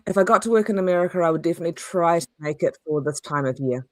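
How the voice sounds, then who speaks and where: Woman guest on a video call, very low voice, thoughtful, halting, candid, dry sound. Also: lively intonation, darkish tone, no room sound. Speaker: interview guest. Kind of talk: casual interview over video call.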